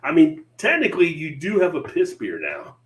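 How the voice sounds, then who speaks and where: A man's voice: on the high side, wildly swooping pitch, moderate pace, a bit bright, rough recording. A man from New Jersey hosting a casual beer live stream, joking around and reading out beer news. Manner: laid-back, joking, reads beer news aloud. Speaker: beer show host.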